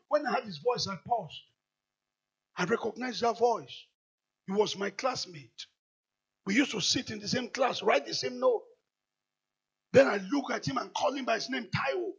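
A man with a Nigerian accent preaching a sermon, moving from quiet storytelling to shouted declarations. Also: very high-pitched, animated, moderate pace, pauses often, husky, lo-fi sound. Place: large church hall.

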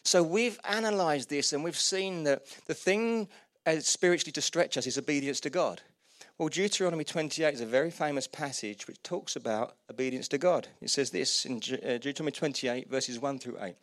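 A man's voice: a little high, fairly quick, no echo, clean studio sound. A middle-aged man, a pastor preaching a sermon and acting out short everyday dialogues. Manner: animated preaching, acts out little dialogues.

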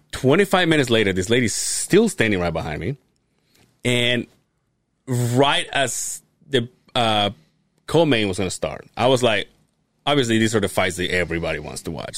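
Man, lively pitch, dry close sound, casual podcast storytelling. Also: no echo. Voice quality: animated, swears freely, laughs while telling. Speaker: podcast co-host.

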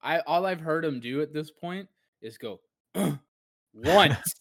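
A man's voice: a little high, lively intonation, normal speed, no room sound. A man co-hosting a casual gaming podcast, rambling and acting out his own past reactions as he tells a story. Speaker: podcast co-host.

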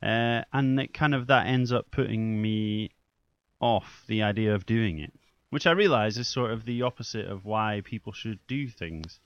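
A young adult podcast host with a voice on the low side talks at normal speed in a casual solo show. He rambles, pokes fun at himself, and swears occasionally, all on a dull, lo-fi, dry recording.

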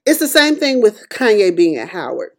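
Middle-aged woman podcaster, preacherly commentary that builds loud then drops quiet. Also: medium pitch, very animated, normal speed. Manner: emphatic, preacherly, swings between loud and quiet. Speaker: podcast host. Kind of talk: impassioned commentary monologue.

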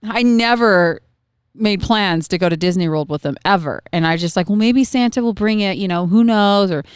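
A woman's voice: medium pitch, moderate pace, clean tone, no room sound, studio quality. A woman in her thirties, a podcast co-host telling stories in casual chat and acting out her kids' voices. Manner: animated storyteller, acts out her kids' voices.

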